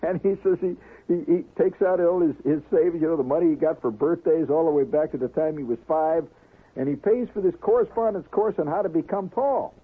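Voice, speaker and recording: This man's voice sits on the high side and comes across slightly rough and a little quick. Playing a radio storyteller, he rambles through a long comic tale, sprinkling in "you know" and "see?", and the recording sounds like a tinny old radio broadcast.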